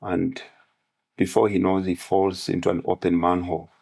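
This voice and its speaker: A man's voice: low voice, completely flat delivery, moderate pace, creaky, mellow. A man as a podcast guest on manhood, speaking in parables and analogies. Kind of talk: podcast conversation with storytelling.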